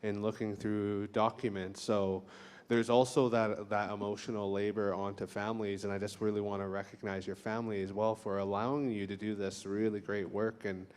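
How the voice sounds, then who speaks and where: A man giving heartfelt thanks at a public event, speaking softly and haltingly with restarts. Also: fairly low pitch, flat delivery, clean tone. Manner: soft-spoken, halting with restarts. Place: lecture hall. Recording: long hall reverb.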